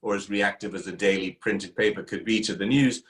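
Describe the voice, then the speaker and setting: A man from Kent, England, with an English accent, speaking as an interview guest and recounting his career in an articulate, measured way. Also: on the low side, steady tone, a bit bright, echoey room, rough recording.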